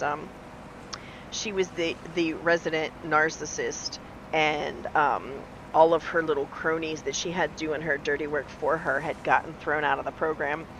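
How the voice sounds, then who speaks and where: A woman's voice: sits low, background noise. A woman in her forties streaming live, telling stories in casual chat while gaming, laughing often and acting out the people she quotes. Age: 40s.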